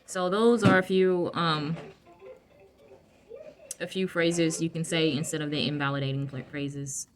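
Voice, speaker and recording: A woman talking casually to her viewers, soft-spoken and reflective, with many fillers and restarts. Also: low-pitched, steady tone, unhurried, pauses often. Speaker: vlogger giving emotional wellness advice. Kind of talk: casual reflective talk to camera.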